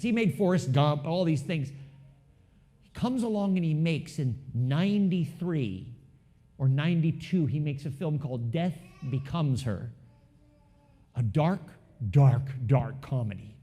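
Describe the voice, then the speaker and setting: A man preaching to his congregation in a high, very lively voice. He keeps it conversational and keeps asking the room questions. He swings between loud emphasis and hushed asides. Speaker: pastor. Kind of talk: sermon.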